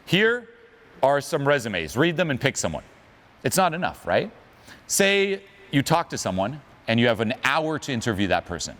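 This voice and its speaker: Animated man giving a motivational talk. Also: mid-range voice, moderate pace. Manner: animated, emphatic, asks the audience questions. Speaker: dating and social skills coach.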